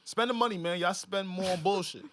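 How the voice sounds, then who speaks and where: Emphatic high-voiced man podcaster. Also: fairly quick, fairly bright tone. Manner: emphatic, profane, preachy. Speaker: podcast host. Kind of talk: casual podcast banter.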